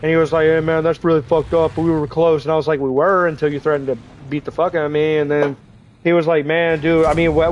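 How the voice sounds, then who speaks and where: A man in his twenties, stuffed up from draining sinuses, rambling frankly in casual livestream chat with lots of restarts. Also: on the high side. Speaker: streamer. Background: faint game vehicle noise.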